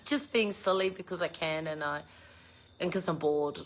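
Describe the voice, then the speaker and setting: A woman's voice: fairly low pitch, moderate pace. A middle-aged woman, chatting casually to her viewers, laughing often and swearing freely as she jokes about herself. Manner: giggly, swears freely, self-mocking. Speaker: vlogger. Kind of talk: casual chat.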